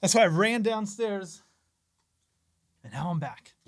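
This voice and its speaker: A man's voice: sits high, lively intonation, a little slow, dry recording, clean studio sound. Breathless, chatty streamer man. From Los Angeles. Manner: loose, chatty, talks to viewers by name. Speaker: streamer and session bassist. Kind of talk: casual live-stream chat. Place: home studio. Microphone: studio microphone.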